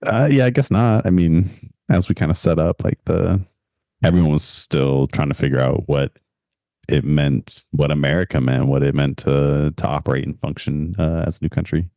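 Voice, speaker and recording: A man co-hosting a podcast in a relaxed, chatty way, full of fillers and light laughs. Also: a bass voice, moderate pace, dry recording. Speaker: podcast co-host. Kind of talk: casual podcast chat.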